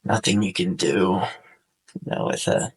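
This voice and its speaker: Husky young man near tears. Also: deep voice, poor audio. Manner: subdued, halting, heartfelt. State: sore throat, on the verge of tears. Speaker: podcast host. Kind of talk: casual personal monologue over gameplay.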